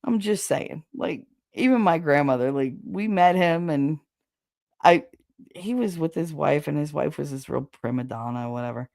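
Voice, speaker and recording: Creaky-voiced woman telling frank stories. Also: sits low, moderate pace, darkish tone, no room sound, studio quality. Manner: gossipy and frank, laughing often. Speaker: podcast host. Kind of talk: casual storytelling chat.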